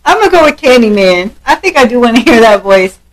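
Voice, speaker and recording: A woman's voice: fairly high pitch, big pitch swings, fast, noisy background. A woman co-hosting a casual comedic podcast, teasing and reading out the questions. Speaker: podcast co-host.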